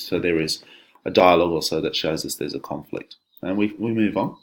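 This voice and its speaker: Man, very deep voice, casual exam-prep teacher. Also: brisk. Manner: conversational, explanatory, many fillers and restarts. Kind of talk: exam walkthrough lesson.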